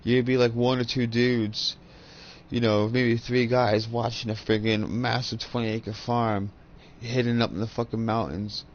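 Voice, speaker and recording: Profane rambling gamer on a headset. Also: male voice, mid-range voice, level tone, a little slow, lo-fi sound, a little hiss or hum. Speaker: gaming channel host. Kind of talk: casual chat while gaming.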